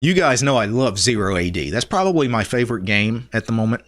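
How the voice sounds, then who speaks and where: A man's voice: medium pitch, lively intonation, fast talker, a bit bright. A middle-aged man from Louisiana with a Louisiana accent, hosting a casual live stream, chatting loosely, laughing often and reading viewer comments aloud.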